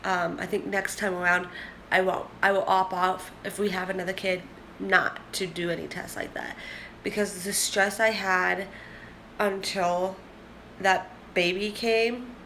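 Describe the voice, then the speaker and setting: A woman's voice: mid-range voice, steady tone, unhurried, creaky, a bit bright, a little hiss or hum. A young woman in a casual vlog, chatting candidly and rambling to the camera. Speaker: vlogger.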